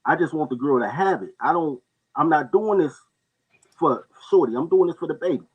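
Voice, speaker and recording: Animated husky-voiced man telling stories. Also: a little fast, dull audio. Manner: animated storyteller, jumps into high-pitched voices for others. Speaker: podcast co-host telling stories. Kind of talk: casual storytelling chat.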